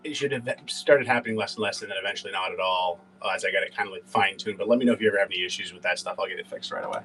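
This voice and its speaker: Here the livestream seller has a low, pushed, bright voice and speaks very fast. The distant mic picks up faint music, and the recording is rough; he rambles, swears, and fills gaps with filler words.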